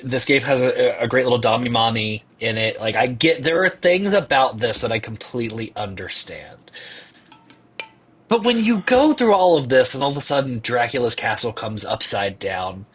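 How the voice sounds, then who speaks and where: A man's voice: medium pitch, expressive, normal speed, a bit bright, slightly rough. A man in casual podcast chat, teasing and mock-ranting in exasperation. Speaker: podcast co-host.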